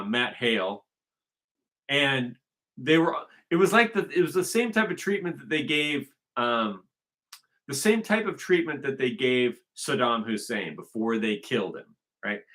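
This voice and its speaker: Bright-voiced man rambling emphatically. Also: medium pitch. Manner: rambling, emphatic, circling back to restate points. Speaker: vlogger. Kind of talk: casual unscripted monologue.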